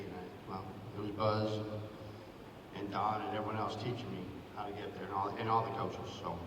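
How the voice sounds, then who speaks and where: A man's voice: fairly low pitch, level tone, moderate pace, noisy background. Man speaking from far off in an echoey gym. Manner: sentimental, thanking many people by name. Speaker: hall of fame honoree, former athletic director. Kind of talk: acceptance speech. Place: school gym at a ceremony.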